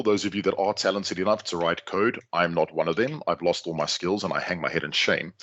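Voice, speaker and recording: A middle-aged South African man giving a lively, joking talk to an online audience. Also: deep voice, dull audio. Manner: lively, jokey, chatty asides. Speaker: guest speaker. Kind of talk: conference talk on a video call.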